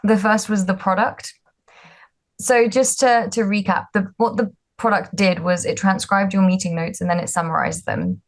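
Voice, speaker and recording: A woman's voice: mid-range voice, animated, normal speed. Young woman founder, casual and candid, self-deprecating, lots of "um" and "like". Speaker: startup founder speaker. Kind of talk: casual storytelling talk.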